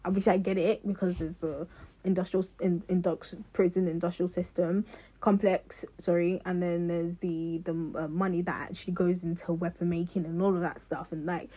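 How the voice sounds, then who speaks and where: Husky woman ranting. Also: on the low side, little pitch movement, moderate pace, warm tone. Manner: passionate, rambling, many restarts. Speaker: vlogger. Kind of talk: casual rant to camera.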